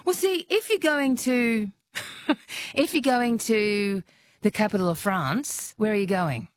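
A woman's voice: medium pitch, expressive, takes it slowly, dry recording. A woman hosting a radio quiz, teasing and laughing easily with a caller. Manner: playful, teasing, laughs often. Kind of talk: casual radio chat.

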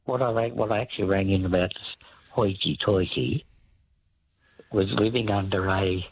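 A man calling into a radio show, explaining word origins in a hesitant, rambling way with many pauses. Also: deep voice, slight background noise. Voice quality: very raspy. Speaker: caller. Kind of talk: phone-in radio chat. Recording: tinny phone line.

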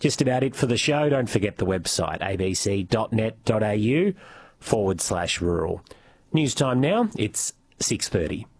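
A man's voice: lowish voice, sing-song, moderate pace. A man hosting a rural radio show, asking questions conversationally with slight hesitations. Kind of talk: radio interview and show wrap-up.

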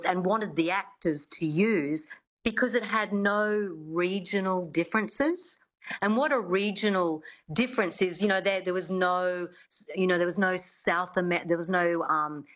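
Low-voiced woman, hesitant accent coach. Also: fairly bright tone, poor audio. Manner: hesitant, many fillers and restarts. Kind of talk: radio interview guest.

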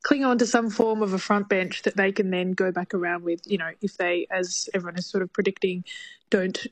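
Aussie woman reporter, pretty flat monotone, hedgy "you know"s, dry close mic. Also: mid-range voice, a little fast, no room sound. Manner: thoughtful, hedging with fillers. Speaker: political correspondent. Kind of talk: radio interview analysis.

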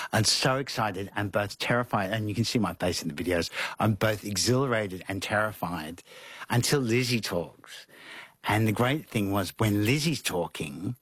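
A man, a guest in an interview, telling animated stories and acting out quotes with laughs. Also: on the low side, moderate pace, breathy edge, no echo. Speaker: interview guest, costume designer. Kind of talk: conversational storytelling.

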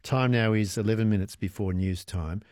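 A man hosting a radio interview, asking measured, curious questions into a studio microphone. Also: lowish voice, a little mellow, no room sound. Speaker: radio host.

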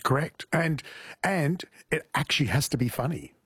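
Husky man chatting on radio. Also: fairly high pitch, normal speed, a bit bright, dry recording. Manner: chatty, repeats words when starting. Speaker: comedian guest. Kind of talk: casual radio chat.

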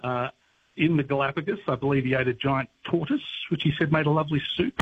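A man's voice: fairly high pitch, quick pace, a little hiss or hum. Man on a tinny phone line. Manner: storytelling, relaxed, wry. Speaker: history guest on the radio.

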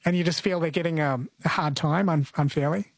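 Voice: mid-range voice, fairly quick, no echo. A radio host chatting with a caller, conversational and thinking aloud as they go. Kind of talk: radio talk show interview.

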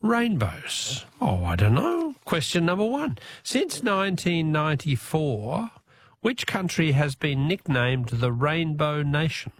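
A man's voice: fairly high pitch, sing-song, slow, dry recording. An Australian man hosting a radio phone-in quiz, chatty and upbeat with the callers.

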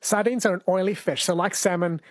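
A man hosting a radio show in a studio, easygoing and quick to laugh while chatting with callers and his co-host. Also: high-pitched, fairly even intonation, no echo. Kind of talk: casual radio chat. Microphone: studio microphone.

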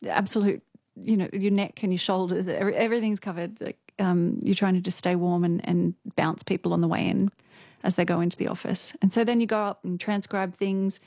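A woman's voice: on the low side, steady tone, brisk, mellow, no echo, studio quality. An Australian woman in her thirties, a news presenter chatting as a guest in an interview, full of "like" and "um". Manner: chatty, fillers like "like" and "um", laughs often. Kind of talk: casual interview chat.

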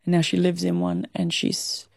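A woman's voice: on the low side, very animated, vocal fry, darkish tone, no echo, clean studio sound. An Australian woman in her thirties, a guest talking candidly and emotionally in an interview. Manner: candid, emotional, quick to laugh. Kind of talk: interview conversation.

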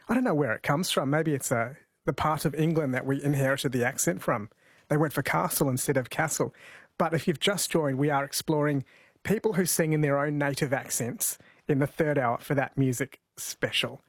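A man hosting talk radio from the studio, chatty and easygoing as he reads out listener messages and weather. His voice sits a little high, and the sound is close and dry with no room in it. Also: brisk, slightly rough, no echo. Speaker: radio host. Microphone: studio mic.

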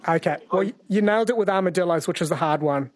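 Man, radio host, playful, slow when reading questions, fairly high voice, dry studio sound. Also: dry recording. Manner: playful, reads quiz questions slowly. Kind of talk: casual radio quiz chat.

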